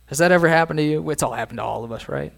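Talking very fast, a middle-aged pastor preaches in an easygoing, chatty way, often turning to quiz his congregation. His gravelly voice is a bit higher than most men's and fairly bright in tone.

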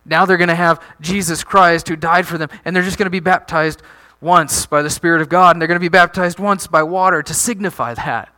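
A man delivers a sermon in a high, bright voice. He preaches with animation, tossing rhetorical questions at the congregation and restarting phrases as he builds his points. His tone stays energetic and direct. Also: a little fast. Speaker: pastor.

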